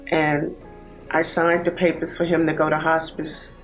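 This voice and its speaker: A woman in her sixties, a bereaved mother giving a heartfelt, halting personal testimony. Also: low-pitched, little pitch movement, faint music behind, low-quality recording. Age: 60s. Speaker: bereaved mother in a support program.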